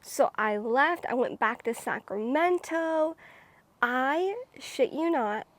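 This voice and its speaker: A young woman telling a casual storytime to her viewers, animated and dramatic. Her voice sits high, and she fills her talk with "like" while building up the story. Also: slow, no room sound. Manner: animated, dramatic, many filler "like"s. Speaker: vlogger.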